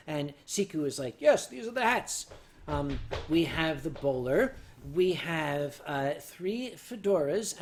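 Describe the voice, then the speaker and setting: A man hosting a casual livestream and answering viewer questions with dry, deadpan humor, loose and tipsy as he sips sake. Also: high voice. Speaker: livestream host.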